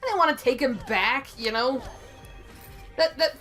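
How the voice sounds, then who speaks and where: A young woman co-hosting a gaming stream, telling rambling, animated stories with lots of laughter. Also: high-pitched, normal speed, faint music behind, poor audio. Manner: rambling, animated storyteller who laughs often. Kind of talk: casual chat over gameplay.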